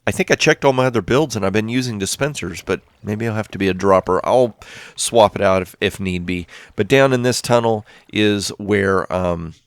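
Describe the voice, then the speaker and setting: Male gaming host, lowish voice, dry close mic, chatty and rambling. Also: moderate pace, smooth, dry recording. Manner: rambling, self-talking, thinks aloud. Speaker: Minecraft let's play host. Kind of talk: casual gameplay commentary.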